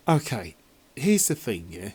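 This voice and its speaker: A man's voice: mid-range voice, a bit bright, breathy edge. A man doing a casual trailer reaction in a rambling, sarcastic, exasperated way.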